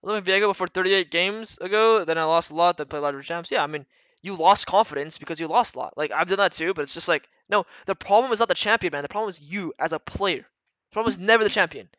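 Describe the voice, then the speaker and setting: Male streamer-coach, sharp bright voice, blunt and rambling, swears freely. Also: high voice, fast talker, no room sound. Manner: blunt, profane, rambling with restarts. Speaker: retired pro gamer coaching viewers. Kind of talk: casual livestream coaching talk.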